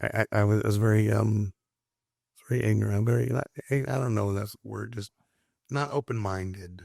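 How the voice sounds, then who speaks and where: A man's voice: lowish voice, steady tone, a little fast, gravelly, darkish tone, no echo, studio quality. A man speaking as a recovery counselor guest, frank and impassioned, who repeats words while he searches for them. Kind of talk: earnest conversational storytelling.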